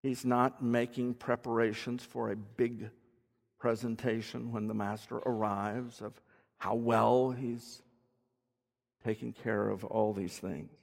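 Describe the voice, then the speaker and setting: This gravelly, medium-pitched preacher speaks slowly with a flat delivery. He teaches conversationally, explaining words and asking the congregation questions, and a long hall reverb fills the recording.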